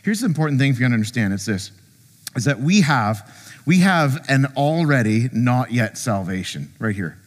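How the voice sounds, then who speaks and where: Lively preaching man in a reverberant hall. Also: medium pitch, moderate pace. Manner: animated, conversational preaching with jokes and acted quotes. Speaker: pastor. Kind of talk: sermon. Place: church sanctuary.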